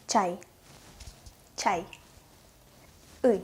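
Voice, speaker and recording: A young woman giving a pronunciation lesson, sounding out each example clearly and repeating it. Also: medium pitch, extremely slow, mellow. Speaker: language teacher.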